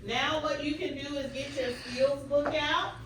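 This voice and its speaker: A young woman student teacher leading a class in a phonics drill, with clear, drawn-out prompts and quick praise, recorded in a classroom by a camera at a distance. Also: sits high, steady tone. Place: classroom full of children. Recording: echoey, distant classroom recording with background noise.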